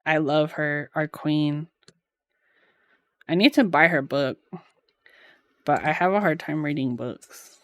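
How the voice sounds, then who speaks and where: Slow, low-voiced woman streamer chatting. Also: dry recording. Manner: chatty, lots of filler "like", laughs easily. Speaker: live streamer. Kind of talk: casual chat while reading live chat.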